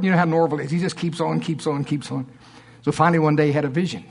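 A preacher telling a story in an animated, conversational sermon. His voice sits a bit high for a man. He often checks in with the congregation by asking them questions. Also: quick pace, creaky, breathy edge.

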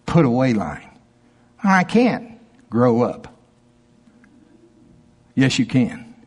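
A man preaching a sermon as a pastor, acting out objections from his listeners in a higher voice. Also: takes it slowly, breathy edge. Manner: animated preaching, voicing objections in a higher pitch.

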